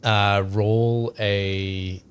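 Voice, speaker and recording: Brief: low-voiced man running a tabletop game, slow and hesitant delivery. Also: flat delivery, clear, resonant tone. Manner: halting, filler-heavy, laughing. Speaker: game master.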